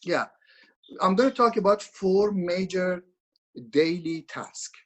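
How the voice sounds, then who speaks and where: A man's voice: high-pitched, takes it slowly, poor audio. A man speaking as a webinar presenter over a video call, instructing in an earnest, repetitive way with frequent restarts.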